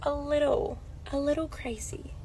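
A woman's voice: high voice, fairly even intonation, measured pace, mellow, a little hiss or hum. A woman vlogging casually, rambling through a story. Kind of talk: casual vlog.

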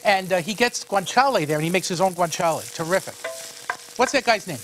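Fast-talking, high-voiced New man. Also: lively intonation, noisy background. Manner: enthusiastic, folksy, talks while cooking. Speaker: cooking show host, a monsignor. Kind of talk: chatty cooking demonstration.

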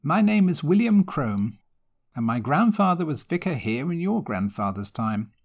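Male narrator playing a formal, polite young scholar, slightly higher voice. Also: big pitch swings, normal speed. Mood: courteous. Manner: courteous, formal.

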